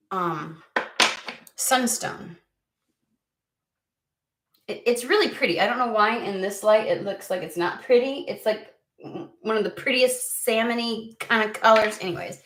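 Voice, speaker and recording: A woman's voice: mid-range voice, noisy background. Rambling American woman in an echoey room. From United States. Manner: rambling, halting, many fillers and restarts. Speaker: tarot reader. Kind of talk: casual chat to camera.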